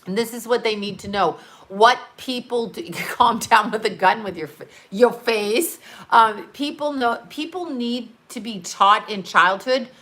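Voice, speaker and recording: A woman's voice: on the high side, measured pace, pushed and bright. A middle-aged woman hosting a casual livestream. She reads viewer comments and talks freely, swearing and laughing at her own jokes.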